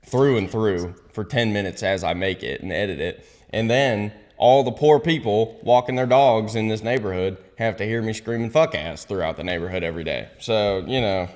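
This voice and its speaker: A young man, a guest on a casual podcast, telling crude jokes and animated stories. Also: on the low side, moderate pace, hardly any pauses. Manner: animated, crude joking storyteller. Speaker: guest content creator.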